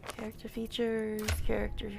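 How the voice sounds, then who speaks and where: A woman's voice: a little high, completely flat delivery, moderate pace, creaky, over music. A woman streamer giving casual gameplay commentary, chatty and giggly, with frequent laughs.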